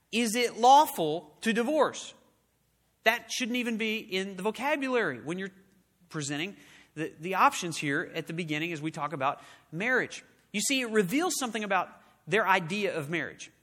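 High, bright-voiced preaching man in a hall. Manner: emphatic preaching with rhetorical questions, swings between loud and hushed. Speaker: pastor. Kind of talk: sermon.

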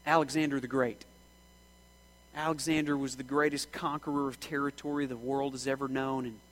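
A man preaching a sermon with passion, his voice swinging from shouting to hushed and back. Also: medium pitch, rough recording.

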